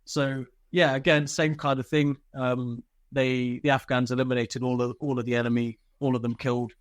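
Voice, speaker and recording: A man's voice: mid-range voice, flat delivery, moderate pace, no room sound, clean studio sound. A man telling war stories as a podcast guest, candid and laid-back, swearing freely, with lots of fillers and restarts. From Britain. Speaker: guest, army veteran. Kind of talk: casual storytelling interview.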